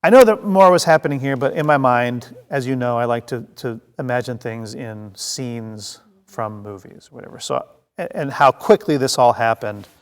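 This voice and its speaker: A man with a mid-pitched, gravelly voice leads a Bible teaching for a congregation. He tells the story in a lively way, acting out the scenes and stumbling through fillers and restarts. His voice rings out with the long reverb of a hall. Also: moderate pace.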